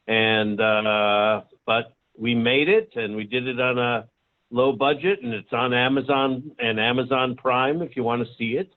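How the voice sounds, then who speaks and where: Man, producer guest, halting, lo-fi phone-line sound. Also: medium pitch. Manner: halting, many fillers. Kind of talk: casual talk on a video call. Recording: tinny phone-like call audio.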